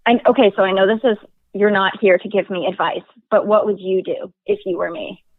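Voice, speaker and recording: Over a tinny telephone line, a woman calls anonymously into a chat show to make a confession. She talks nervously, fairly quickly and with a mid-range voice, laughing often and using lots of filler words, with no echo.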